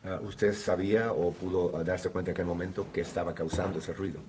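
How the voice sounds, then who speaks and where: Deep, fast-talking male court interpreter. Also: flat delivery, darkish tone. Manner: quick and businesslike, with frequent "uh" fillers.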